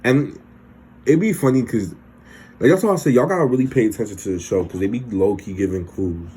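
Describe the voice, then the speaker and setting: A man's voice: on the low side, fairly quick, warm tone, a little hiss or hum. A young man recapping a TV episode in loose, slangy, profane casual chat. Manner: loose, slangy and profane, acts out characters' lines. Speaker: TV recap vlogger.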